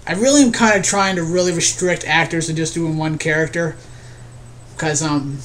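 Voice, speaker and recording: Young male creator, casual vlog update, slightly high voice, faint room hiss, earnest and rambling. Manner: rambling, restarts often, earnest. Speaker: video creator.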